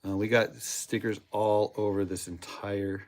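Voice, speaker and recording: A man's voice: on the low side, little pitch movement, a little slow, a little mellow. Rambling man, casual storyteller. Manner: rambling storyteller, repeats words, acts out quotes. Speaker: podcast host, cigar box guitar builder. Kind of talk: casual chat with live chat viewers.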